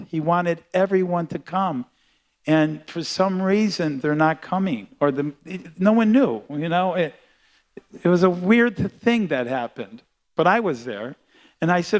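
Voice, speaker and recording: An older man recalls a moving memory during a sermon. His voice sits slightly high for a man. He tells the story haltingly and with deep feeling, often breaking off and restarting his sentences. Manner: halting, heartfelt recollection with frequent restarts. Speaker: guest speaker at a temple class.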